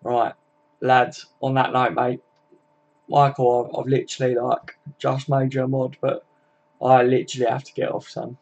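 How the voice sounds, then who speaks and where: A man's voice: medium pitch, monotone, moderate pace, creaky, a little mellow, muffled recording. A tired young man chatting casually and swearing freely as he wraps up a football live stream.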